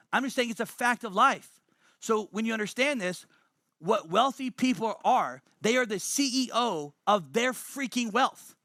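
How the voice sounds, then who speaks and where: A man's voice: high-pitched, sharp tone, no room sound, clean studio sound. A man presenting a motivational money webinar, emphatic and fond of repeating key lines.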